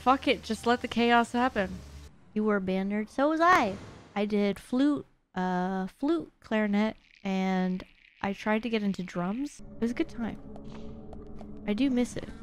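A woman's voice: mid-range voice, a little slow, background noise. A young woman streaming a video game, chatting casually and crudely, joking and giggling as she plays. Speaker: VTuber streamer. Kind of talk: casual gameplay chat.

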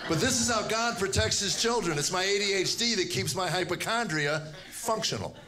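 Man in his 60s, stand-up comic, dry storyteller, high-ish voice, live room with loud laughter behind. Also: normal speed, very noisy. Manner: dry storytelling with acted-out quotes. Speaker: stand-up comedian. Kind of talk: stand-up routine. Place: comedy stage with a live audience.

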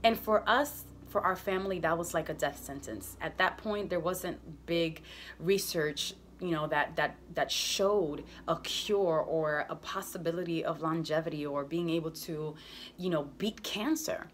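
A woman's voice: sits low, measured pace, a bit bright, slight background noise. A young adult woman telling her personal faith testimony in an earnest, conversational way, with many casual fillers. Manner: earnest, conversational, frequent "like" and "you know". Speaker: testimony speaker.

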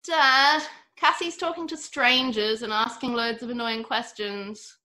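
A woman's voice: a little high, unhurried, sharp tone, pitched above the performer's own voice. A woman voicing a whiny, dramatic girl who complains to her dad.

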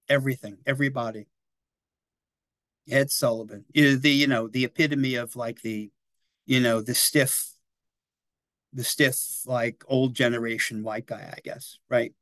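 A man's voice: mid-range voice, steady tone, measured pace, long pauses, a bit bright, no echo. A man in his sixties giving a casual, rambling history talk at a library, often checking in with his listeners. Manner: chatty and digressive, often tags "right?" and "you know".

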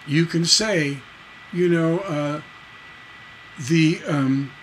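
Slow, halting man teaching songwriting. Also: a little high, slight background noise, low-quality recording. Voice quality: halting, many fillers and restarts. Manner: talks lyrics through slowly, counting beats aloud. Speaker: songwriting instructor. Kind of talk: livestream songwriting lesson.

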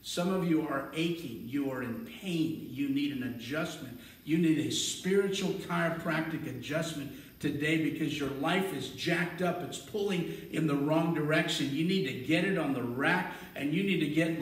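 A man's voice: fairly high pitch, normal speed, hardly any pauses. Fervent male pastor preaching in an echoey room. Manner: builds to loud, fervent preaching. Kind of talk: sermon. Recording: echoey room, distant mic.

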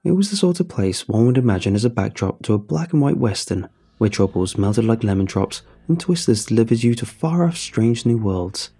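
A man narrates a horror story in a gravelly, husky voice, low and dark in tone. His delivery is dramatic and full of lively rises and falls, with faint music underneath. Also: a little fast, hardly any pauses.

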